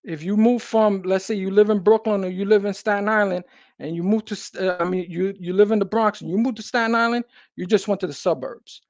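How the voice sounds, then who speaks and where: High-voiced streetwise New man. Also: fairly even intonation, fairly quick, no echo. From New York City. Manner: streetwise slang, emphatic. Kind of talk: casual conversation.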